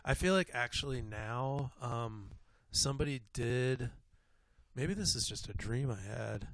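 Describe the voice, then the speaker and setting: A man's voice: mid-range voice, unhurried, fairly bright tone, dry recording. A man co-hosting a music radio show, easygoing and jokey, laughing often in casual banter.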